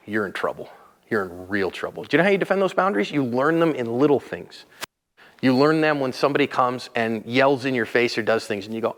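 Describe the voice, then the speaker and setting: A man hosting a casual instructional talk, earnest and emphatic, dropping low and quiet when he describes staying calm. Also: fast talker, big-room sound. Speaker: host.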